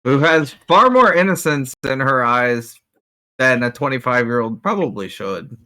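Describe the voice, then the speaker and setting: A man's voice: mid-range voice, lively intonation, unhurried, bright, forceful tone. A man playing a tabletop role-playing game over voice chat, narrating his character's actions in short remarks. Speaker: player.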